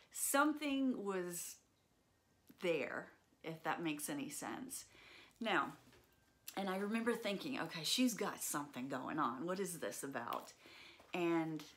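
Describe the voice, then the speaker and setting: A woman with a notably low voice recounts a personal story. She talks in an earnest, reflective way, pausing often with fillers. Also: a bit bright.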